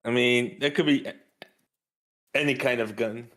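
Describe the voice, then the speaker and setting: A man's voice: mid-range voice, fairly even intonation, normal speed, a bit bright. A man chatting casually with a streamer friend, amused and skeptical, often laughing. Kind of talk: casual chat on a livestream.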